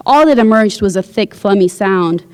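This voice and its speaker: A woman reading her own fiction aloud at a university, with a wry, deadpan delivery. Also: medium pitch, moderate pace, long reverb tail. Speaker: visiting writer. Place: university lecture hall.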